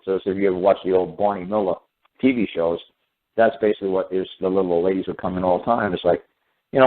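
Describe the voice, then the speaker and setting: A man's voice: deep voice, fairly even intonation, quick pace. A man hosting a show, telling a long rambling story in a blunt, repetitive way and acting out the people he quotes. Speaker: show host. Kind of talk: rambling monologue. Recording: phone-like narrow audio.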